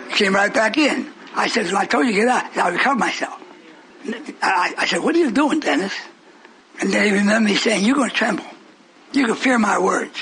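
An older man preaching a rambling, folksy sermon to his congregation, dropping to mutters and then rising to shouts. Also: high voice, a little hiss or hum, poor audio.

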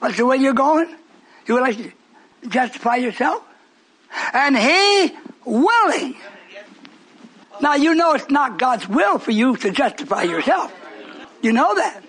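A man's voice: very high voice, sing-song, measured pace, pauses often, fairly bright tone, slightly rough, some chatter behind. A man preaching a sermon to a live congregation, teasing and questioning them in call-and-response. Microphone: broadcast on shortwave radio.

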